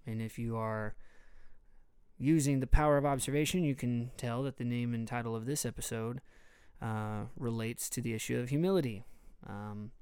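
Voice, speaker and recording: A man's voice: mid-range voice, a little mellow, smooth, dry recording, clean studio sound. A man, a youth pastor talking casually in a podcast, rambling and joking as he goes.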